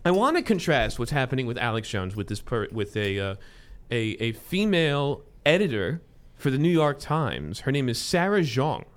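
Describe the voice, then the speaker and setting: A man's voice: medium pitch, big pitch swings, normal speed, few pauses. A young man hosting a comedic podcast chat, sarcastic, sometimes slipping into a mock-newscaster delivery. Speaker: podcast host.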